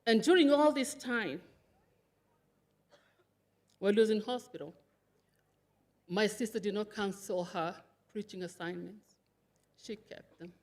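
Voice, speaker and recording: A woman's voice: mid-range voice, a little slow, pauses often, darkish tone. A woman giving an emotional funeral tribute, rambling and tearful, with laughter breaking through. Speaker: eulogy speaker, sister of the widow.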